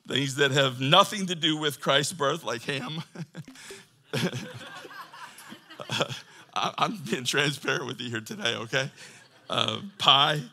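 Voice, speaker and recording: A man's voice: mid-range voice, sharp tone. A man preaching a sermon to his church in a conversational, joking way, reading scripture between asides. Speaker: pastor.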